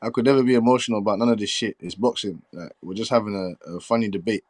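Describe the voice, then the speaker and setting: A man argues boxing in a casual, heated debate, full of profanity and mocking laughter. His voice sits low, and the sound is dry and close. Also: fast, no room sound. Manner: profane, combative, laughing banter.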